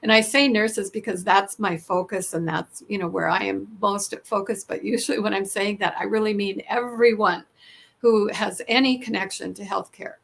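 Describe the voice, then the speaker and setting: A woman's voice: medium pitch, fairly even intonation, moderate pace, gravelly, fairly bright tone. A woman who is a nurse hosting a podcast, talking earnestly in a casual interview with frequent fillers and restarts.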